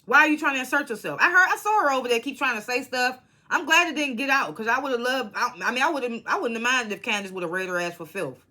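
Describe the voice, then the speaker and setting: Woman, casual recap vlogger, bright, blunt and profane, animated storyteller. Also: a little high, quick pace, few pauses.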